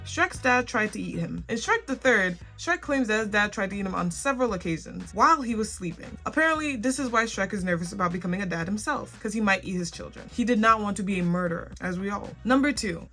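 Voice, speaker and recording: Fast-talking young woman hosting a facts video. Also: medium pitch, a bit bright. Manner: chatty, dry asides. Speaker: host. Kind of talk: casual facts list video.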